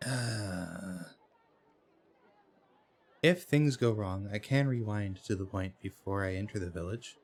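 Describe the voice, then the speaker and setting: With some chatter in the background, a man reads a game's story text aloud during his let's play, slowly and with many pauses. His fairly low voice hesitates and keeps correcting itself.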